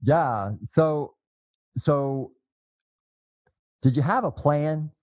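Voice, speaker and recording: A man's voice: on the high side, drawn-out words, a little mellow, no room sound. Chatty male host, dry sound. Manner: chatty, rambling questions. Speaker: interview host. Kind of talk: casual interview questions.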